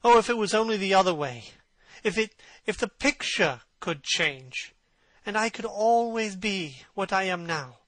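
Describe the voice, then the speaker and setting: A man's voice: sits high, lively intonation, unhurried, fairly bright tone, dry recording, voice pushed up. A man doing an anguished vain young man. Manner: impassioned, pleading.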